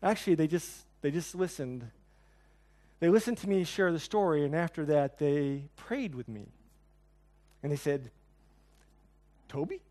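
High-voiced earnest male preacher. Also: normal speed, long pauses, dark tone. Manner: earnest personal storytelling, drops to near-whispers on key lines. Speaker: pastor. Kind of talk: sermon. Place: church hall before a congregation.

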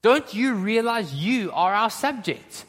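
A man's voice: sits high, expressive, slow, a bit bright, voice pushed up, heavily acted. A man voicing a proud, indignant army commander who feels insulted and demands respect. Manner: affronted, demanding, self-important. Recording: long hall reverb.

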